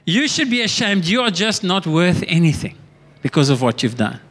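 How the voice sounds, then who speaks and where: A man voicing the devil as a scornful accuser in a sermon, dropping into a low, condemning tone. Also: sing-song, normal speed, a bit bright, exaggerated voice. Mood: accusing.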